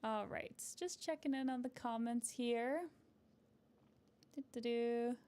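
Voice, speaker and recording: A woman couples therapist giving live advice and answering viewer comments, gentle and encouraging, often checking in with a "right?" at the end of a point. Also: on the high side, takes it slowly, clear, resonant tone.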